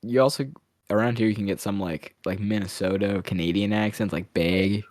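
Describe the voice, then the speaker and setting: A man's voice: on the low side, brisk, a little mellow, no room sound. A young man with a Chicago accent, chatting casually as a podcast co-host, brash and laughing, with a habit of swearing. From Chicago area, United States. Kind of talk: casual chat.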